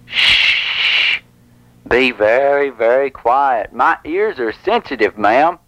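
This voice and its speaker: A man playing a fussy prank caller with sensitive ears, insisting in a deadpan tone on a radio crank call. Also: medium pitch, a little slow, no echo, lightly acted, low-quality recording. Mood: insistent.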